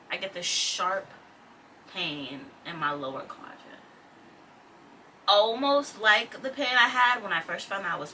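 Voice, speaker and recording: A woman's voice: on the low side, sharp tone. A young woman in her twenties, speaking, tells a personal story casually to her vlog audience, full of "like" and quoted speech. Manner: conversational, lots of "like" and quoted speech. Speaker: vlogger. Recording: distant mic with faint background noise.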